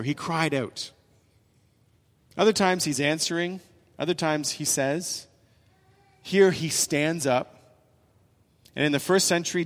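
A man's voice: fairly high pitch, fairly bright tone. Man preaching in a reverberant hall. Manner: emphatic preaching with rising and falling emphasis. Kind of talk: sermon. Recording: long reverb in a large hall.

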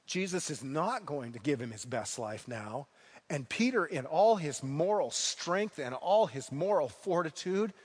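A man's voice: fairly high pitch, big pitch swings, measured pace, breathy edge, in a large hall. A man preaching a sermon as pastor, retelling the story earnestly and repeating key phrases for emphasis.

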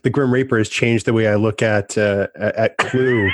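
A man's voice: on the low side, steady tone, normal speed, no echo. A man co-hosting a podcast, asking a guest questions eagerly and joking along. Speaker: podcast co-host. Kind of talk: casual interview questions.

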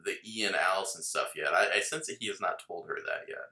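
Man, podcast co-host, very low voice, bright edge, roomy echo, casual analytical chat. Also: a little fast.

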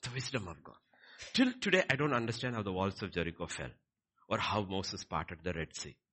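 A man preaching a sermon, swinging between quiet lines and loud, emphatic ones. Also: sits low, lively intonation, brisk, breathy edge. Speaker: pastor.

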